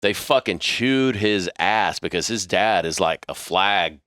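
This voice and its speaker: A man hosting a podcast, telling a story in a casual, profane, animated way. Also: low-pitched, measured pace, no echo, clean studio sound. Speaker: podcast host.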